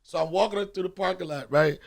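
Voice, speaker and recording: A man's voice: high voice, quick pace, vocal fry. A middle-aged man hosting a podcast, telling a profane comic story with lots of animation and acted-out voices. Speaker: podcast host. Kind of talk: comedic storytelling.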